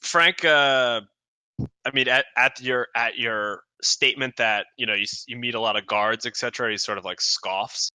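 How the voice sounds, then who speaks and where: A man's voice: mid-range voice, normal speed, bright, forceful tone, no echo. A man narrating as game master of a tabletop game, rambling with restarts and acting out guards.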